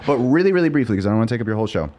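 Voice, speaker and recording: A man telling a story in a casual group chat, quick and animated, swearing freely. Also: mid-range voice, a little hiss or hum.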